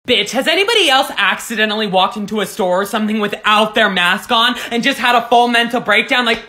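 A young adult creator doing sassy, profane comedic rants to the camera with dramatic outbursts. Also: male voice, sits high, a little fast, bright, forceful tone. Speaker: TikTok creator.

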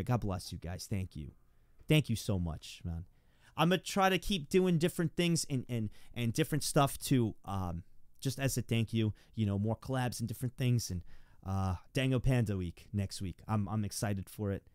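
A man's voice: on the low side, animated, normal speed, darkish tone, no room sound, studio quality. Rambling, stammering young male streamer. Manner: rambling and stammering, eager thanks to viewers. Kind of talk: live stream chat.

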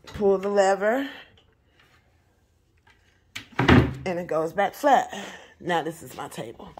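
A young woman chatting casually to her viewers in a home vlog, animated and talking straight to them. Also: lowish voice, measured pace, background noise. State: out of breath in places. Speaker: vlogger. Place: home, indoors.

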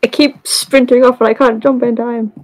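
A British woman chats through a co-op game with dry jokes and frequent giggles. Her voice sits slightly high. The sound is close and dry. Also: level tone, normal speed, dry recording, low-quality recording. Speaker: co-player. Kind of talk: casual co-op gameplay chat.

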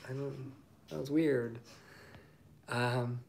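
This singer-songwriter's creaky, medium-pitched voice moves very slowly as he chats on a livestream via phone mic. Relaxed and rambling, he works through viewer comments with many ums.

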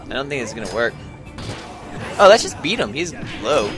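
A man bantering through a video game with a friend, tossing out quick, dry quips and puns. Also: mid-range voice. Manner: quick deadpan quips and wordplay. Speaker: let's play co-host. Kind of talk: casual gaming commentary. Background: game music.

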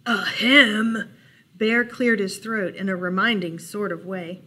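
A woman librarian reading a bedtime picture book aloud, gentle and unhurried, with playful asides. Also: mid-range voice. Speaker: children's librarian storyteller.

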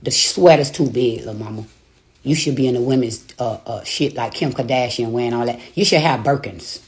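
A woman's voice: very deep voice, a little fast, a little mellow. A woman on a phone livestream from home, delivering a taunting, profane rant and laughing between her insults. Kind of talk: profane live-stream rant. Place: home, a rented house.

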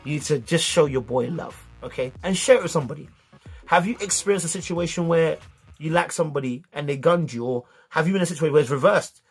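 A man's voice: on the high side, quick pace, slightly rough, soft background music. Slangy British young man telling a story. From United Kingdom. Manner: animated, acts out dialogue, heavy slang. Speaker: vlogger. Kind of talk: casual storytelling to camera.

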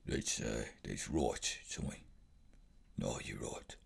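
A man impersonating a volatile gangster with a deep, croaky Birmingham accent, swinging between loud, aggressive bursts and mumbling. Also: slow pace, heavily acted. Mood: sheepish.

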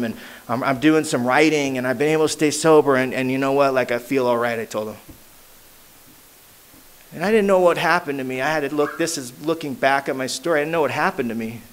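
In a meeting hall, a man tells a crowd his personal recovery story in a casual, slangy way. His voice is medium-pitched and smooth, and he drops to a hush at the hard, emotional parts.

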